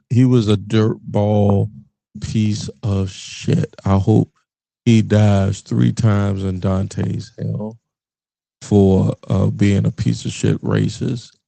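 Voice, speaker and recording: A middle-aged podcast host from the Richmond, Virginia area delivers a casual monologue full of blunt, profane, animated rants broken up by laughs. His voice is on the low side and gravelly, and the recording is dry.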